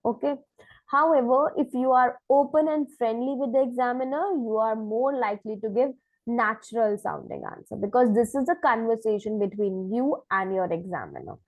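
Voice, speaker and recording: A woman's voice: a little high, lively intonation, normal speed, darkish tone, dry recording, poor audio. A woman teaching an online lesson, explaining points step by step and checking in with "right?". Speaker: IELTS teacher.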